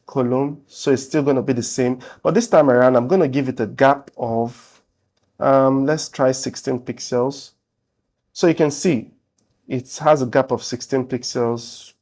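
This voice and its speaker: Man, coding instructor, medium pitch, relaxed, thinking aloud while typing. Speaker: web development instructor. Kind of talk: screen-share coding tutorial.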